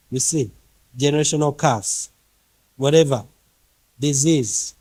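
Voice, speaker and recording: A man's voice: mid-range voice, expressive, a little slow, pauses often, mellow, no echo, rough recording. A man preaching a sermon emphatically, firing rhetorical questions at his congregation and piling up repeated phrases.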